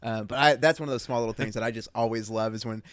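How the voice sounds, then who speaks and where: A man's voice: medium pitch, fast, no room sound. A man on a faith podcast who tells stories with animation and keeps murmuring agreement while the other host talks. His voice sits in the middle of the male range. The sound is close and dry. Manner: animated storyteller with short affirming murmurs. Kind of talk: casual Bible discussion.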